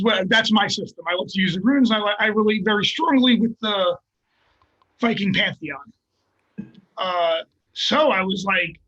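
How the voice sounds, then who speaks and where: Husky high-voiced man telling a story. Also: dull audio. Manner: profane, animated storyteller who laughs at himself. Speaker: guest, MMA fighter. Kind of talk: casual storytelling.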